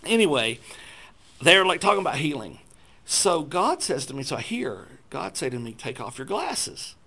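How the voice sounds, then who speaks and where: A man telling a self-deprecating personal testimony to a church group, acting out his own thoughts in lively voices. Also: fairly high pitch, moderate pace, gravelly. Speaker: speaker sharing a personal testimony.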